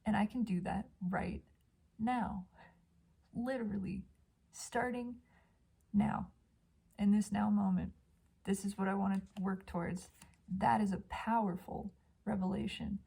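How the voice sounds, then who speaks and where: Gravelly, breathy woman reading tarot. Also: mid-range voice, fairly even intonation, unhurried, long pauses. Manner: dreamy, gushing, drifts into soft whispers. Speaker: tarot reader. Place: home by a balcony.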